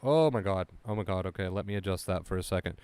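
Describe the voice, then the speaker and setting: A man's voice: sits low, fast, a little mellow, smooth, poor audio. A man streaming live from home, chatting casually with his viewers into a headset mic and often repeating himself. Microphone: headset microphone.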